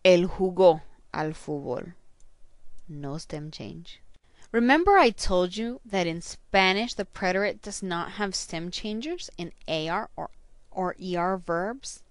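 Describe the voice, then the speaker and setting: A woman teacher giving a recorded grammar lesson, slowly and carefully saying each verb ending aloud. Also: on the low side, lively intonation, no room sound. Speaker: Spanish teacher.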